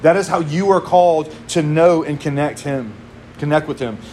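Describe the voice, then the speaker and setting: A man's voice: fairly high pitch, moderate pace, darkish tone, a little hiss or hum. A man in his thirties preaching a sermon to his congregation, conversational, with casual asides. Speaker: pastor.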